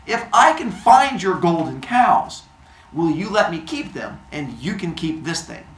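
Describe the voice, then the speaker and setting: A man voicing a cheeky, restless boy god who is a sly trickster, speaking high and playful. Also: very animated, unhurried, fairly bright tone. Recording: roomy echo.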